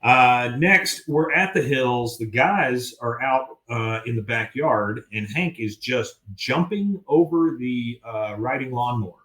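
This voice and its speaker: A man hosting a podcast, recapping an episode with animated storytelling and acted-out quotes. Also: medium pitch, slow, few pauses, roomy sound. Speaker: podcast host.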